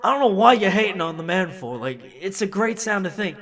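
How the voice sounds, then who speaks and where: A man's voice: high-pitched, animated, brisk, fairly bright tone. A man giving a chatty, enthusiastic film review in a casual video.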